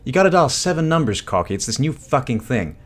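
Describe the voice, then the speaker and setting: A man voicing a gruff, crude bartender who treats the customer with open scorn. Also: medium pitch, sing-song, fast talker, voice pushed up. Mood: scornful.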